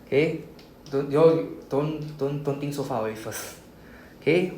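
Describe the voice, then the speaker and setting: A man's voice: mid-range voice, moderate pace, mellow. Man teaching with a Singaporean English lilt. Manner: explains patiently, frequent "okay?" and "right?" checks. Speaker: Japanese language teacher. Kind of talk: classroom lesson. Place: classroom. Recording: echoey room, faint background noise.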